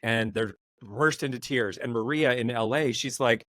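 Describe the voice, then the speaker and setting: A man's voice: mid-range voice, normal speed, fairly bright tone, dry recording. A man hosting a podcast, chatting casually and animatedly in long run-on thoughts. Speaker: podcast host. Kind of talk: casual chat.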